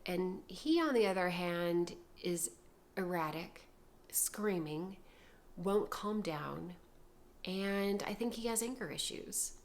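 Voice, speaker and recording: Animated woman telling a personal story. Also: fairly low pitch, slow pace. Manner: animated, dramatic, swings from loud to hushed. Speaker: vlogger.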